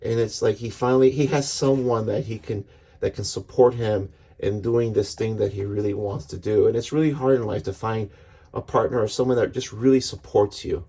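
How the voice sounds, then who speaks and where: Middle-aged male reviewer, low, mellow, husky voice, earnest rambling delivery. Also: fairly even intonation, moderate pace. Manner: earnest, rambling, restarts often. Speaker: comics reviewer. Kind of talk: casual book review.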